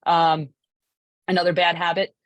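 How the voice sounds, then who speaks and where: Brief: low-pitched woman, dry close sound, coaching talk, chatty with lots of "right?". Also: level tone, unhurried, no echo, dull audio. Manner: chatty, many asides and rhetorical "right?". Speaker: lacrosse goalie coach presenting. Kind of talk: conversational presentation.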